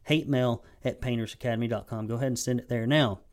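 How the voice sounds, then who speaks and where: A man's voice: mid-range voice, steady tone, quick pace, darkish tone. A man with a Southern US accent giving a blunt, folksy, sarcastic sales training talk to camera as a business coach.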